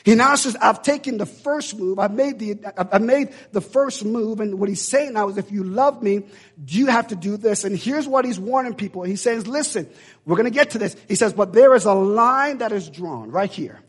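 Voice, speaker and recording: A man's voice: high-pitched, animated, normal speed, breathy edge. A man preaching a sermon in an emphatic, repetitive, preacherly way.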